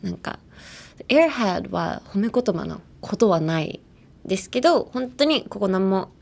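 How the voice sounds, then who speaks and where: A woman's voice: medium pitch, lively intonation, gravelly, a little mellow. Woman teaching English phrases. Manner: switches between English and Japanese, drilling phrases slowly. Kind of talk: bilingual language lesson.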